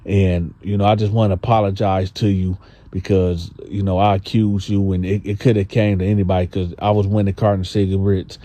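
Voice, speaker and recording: A man's voice: medium pitch, moderate pace, warm tone, no room sound, close to an everyday voice. A man voicing a hesitant male inmate who stammers and repeats himself. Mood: apologetic.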